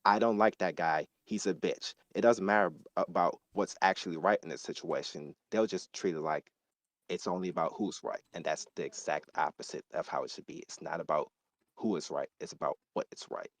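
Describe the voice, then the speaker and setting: A man's voice: low-pitched, brisk, dry recording. A man ranting heatedly and emphatically in a casual gaming discussion.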